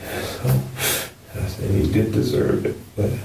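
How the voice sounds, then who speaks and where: A man's voice: medium pitch, big pitch swings, unhurried, creaky. A man in police interrogation footage talking remorsefully and repeating himself, recorded in an interrogation room. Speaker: murder suspect in interrogation. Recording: echoey room, mic far off, faint hiss.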